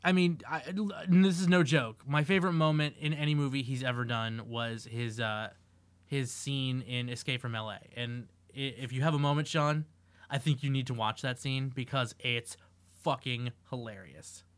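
A man co-hosting a pop-culture podcast, chatting casually with animated, laughing delivery and swearing. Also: medium pitch, moderate pace, no room sound. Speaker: podcast co-host. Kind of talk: casual chat.

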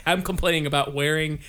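A man's voice: a little high, fairly even intonation, moderate pace, pushed and bright. Stammering, rambling man in casual chat. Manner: rambling, stammering, laughs often.

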